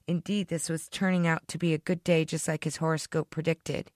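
A woman's voice: deep voice, flat delivery, moderate pace, hardly any pauses, no echo. Dry, close woman reading fiction. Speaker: author reading her own story.

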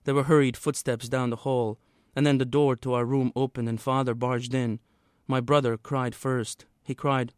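A man, the author, reading a passage from his own novel aloud in a steady, measured way. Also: medium pitch, clean tone, dry recording, studio quality.

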